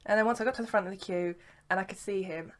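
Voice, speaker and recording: A young female vlogger with a medium-pitched voice talks fast to camera, rambling through a long story in casual chat full of "sort of" and "like."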